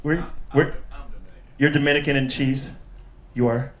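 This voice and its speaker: A man's voice: medium pitch, steady tone, unhurried, far from the mic. A man doing a stand-up comedy set on a club stage, working the crowd and acting out characters. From Texas. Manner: crowd work, acts out characters in put-on voices. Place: comedy club stage before a live audience. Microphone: handheld stage mic. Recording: roomy club sound with crowd laughter. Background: audience laughter.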